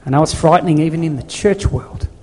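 A man's voice: a little high, fast, dark tone. A man preaching a sermon as pastor in a church, earnest and pleading, with many rhetorical questions.

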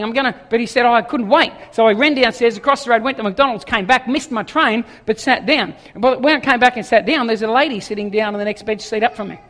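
A man preaching a sermon, telling a story with animated quoted voices. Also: very high-pitched. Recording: long echoing hall reverb.

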